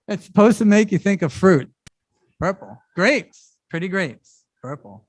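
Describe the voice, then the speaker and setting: High-voiced man preaching a sermon. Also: slow, no echo. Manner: conversational and animated, with casual asides. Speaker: pastor. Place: church service.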